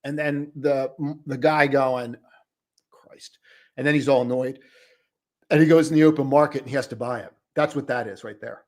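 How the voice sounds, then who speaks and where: Guy doing a live trading stream, laid back and chatty, mid-pitch voice. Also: steady tone, a little fast. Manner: loose and chatty, calls viewers brother and buddy. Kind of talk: casual live-stream commentary.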